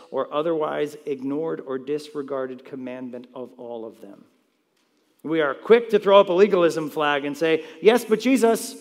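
A slightly high-voiced man preaching from the pulpit, pressing each point home and asking the room questions he then answers. His voice rings out with a long reverb tail, as in a large church sanctuary. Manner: emphatic preaching with rhetorical questions. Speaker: pastor. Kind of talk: sermon.

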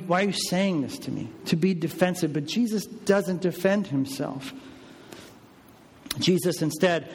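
A man preaching a sermon with emphatic delivery, rising for stress and dropping low for weight. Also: big-room sound. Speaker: pastor.

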